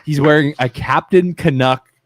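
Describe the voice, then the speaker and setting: A man's voice: fairly high pitch, normal speed. A man co-hosting a live local talk podcast in blunt, exasperated casual chat. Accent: Ohio. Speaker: podcast co-host.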